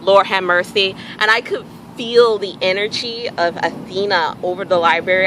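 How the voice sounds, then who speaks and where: Woman, bright voice, casual animated storytelling, swears freely. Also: mid-range voice, moderate pace, few pauses, slight background noise, poor audio. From Houston area, Texas. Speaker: vlogger.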